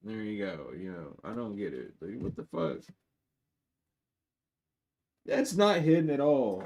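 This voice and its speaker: A man giving a live-streamed tarot reading to his viewers. He is blunt and profane, and he swings between loud outbursts and low muttering asides. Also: big pitch swings, measured pace, vocal fry, a little hiss or hum. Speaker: tarot reader.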